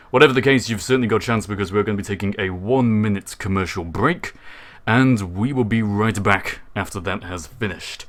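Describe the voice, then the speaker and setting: A young man with a fairly low voice hosts a charity gaming livestream. He talks in an upbeat, announcer-like way and slips in quick asides to his co-hosts. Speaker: livestream host. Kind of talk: casual livestream chat.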